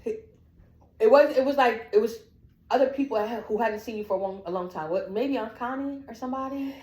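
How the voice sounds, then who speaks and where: A young woman casually telling a family story in a lively way, acting out the people she quotes and laughing often. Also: a little high, brisk. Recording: echoey room.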